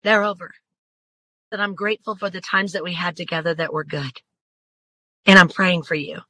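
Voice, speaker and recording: A woman's voice: fairly low pitch, brisk, sharp tone, rough recording. A woman as an interview guest telling a personal story in an earnest, emphatic way.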